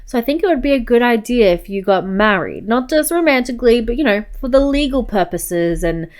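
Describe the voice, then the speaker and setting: A woman's voice: a little high, expressive, a little fast, darkish tone, natural voice. A woman voicing a caring, advising mother. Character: caring, advising middle-aged mother figure. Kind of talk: playful narration of a life-sim game.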